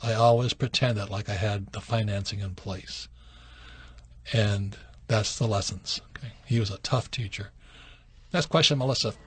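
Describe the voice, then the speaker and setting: This radio call-in host has a fairly low, breathy voice at a normal speed, recorded dry. He answers questions through casual stories from his youth, becoming animated as he acts out the quoted parts.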